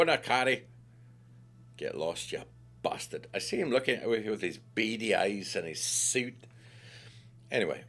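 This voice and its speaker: A man with a low voice walks through a software tutorial, his pitch swinging widely as he jokes along. He talks in a chatty, playful way, calling the viewer mate and love, with faint music behind him. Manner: playful, chatty, jokey asides. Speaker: tutorial host. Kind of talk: screen-recorded software tutorial.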